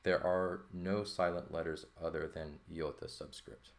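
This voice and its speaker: A Greek teacher with a low voice gives an informal recorded lesson, writing on paper as he goes. His intonation stays fairly even and his pace measured, with some vocal fry, as he thinks aloud and keeps checking in with "okay?" and "right?"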